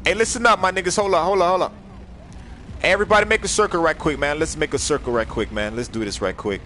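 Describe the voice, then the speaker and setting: A young man on a gaming livestream, joking loudly and bossing his crew around, jumping from shouts down to low mumbles. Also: fast, slight background noise. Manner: loud, joking, bossy, swings from shouting to mumbling. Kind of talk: casual gaming livestream chat.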